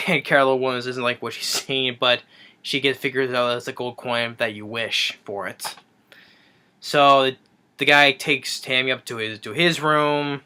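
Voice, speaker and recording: A man's voice: medium pitch, pushed and bright, clean tone. A man giving a rambling, sarcastic movie review rant, recapping the plot with frequent restarts.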